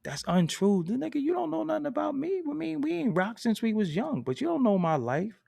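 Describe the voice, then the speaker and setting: A man's voice: very high voice, sing-song, brisk, gravelly, darkish tone, no room sound, clean studio sound. A man telling a story in a casual, profane and emphatic way, laughing between lines.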